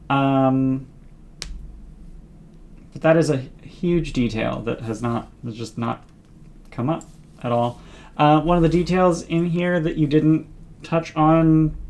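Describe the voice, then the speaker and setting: Casting note: woman running a tabletop game, slow and unhurried, stops and restarts mid-thought. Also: very deep voice, a little mellow. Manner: halting, with many fillers and restarts. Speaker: game master.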